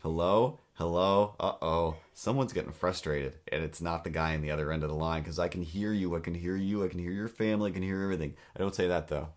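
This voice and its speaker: A man hosting a comedy podcast, ranting in an animated, exasperated way and slipping into little voices. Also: deep voice, quick pace, few pauses. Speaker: podcast host. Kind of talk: comedic monologue.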